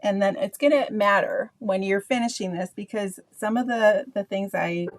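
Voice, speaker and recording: A woman's voice: medium pitch, normal speed. Chatty Canadian woman teaching painting. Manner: chatty, rambling with many ums and asides. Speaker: painting instructor. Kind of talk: live painting tutorial, chatting with viewers.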